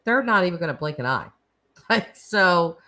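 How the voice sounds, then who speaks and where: A woman's voice: on the low side, lively intonation, moderate pace, sharp tone. A woman hosting a casual live stream, chatting and laughing as she reacts to viewer comments. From United States. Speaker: livestream host.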